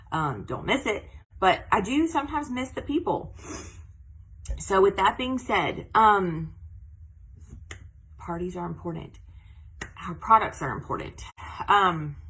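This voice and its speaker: A woman's voice: fairly low pitch, fairly bright tone, slightly rough, poor audio. A woman talking casually on a live stream, chatty and full of fillers. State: out of breath. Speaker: direct sales consultant.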